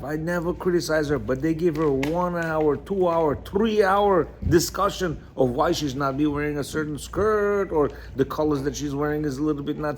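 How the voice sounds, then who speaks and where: A man's voice: on the high side, darkish tone, slight background noise. Man teaching on marriage, chatty and emphatic. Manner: conversational, many "you know" asides, emphatic. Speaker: religious teacher. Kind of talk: marriage lecture reading and explaining a text.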